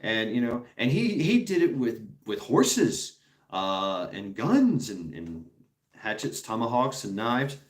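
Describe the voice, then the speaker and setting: A man's voice: mid-range voice, sing-song, slow, reverberant. A man hosting a stream, talking casually with viewers in a rambling, profane way and laughing often. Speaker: streamer host.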